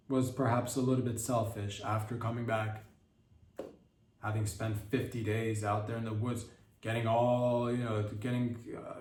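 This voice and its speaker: A man's voice: mid-range voice, a little mellow, roomy sound, recorded from a distance. A man hosting a podcast, riffing on the news in a rambling, mock-serious comedic way. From Canada. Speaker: podcast host.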